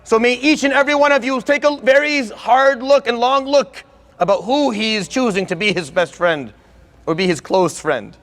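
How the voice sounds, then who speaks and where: A man's voice: very high voice, expressive, normal speed, fairly bright tone. A man giving an earnest religious lecture, speaking emphatically and getting worked up as he urges his listeners. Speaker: Islamic lecturer.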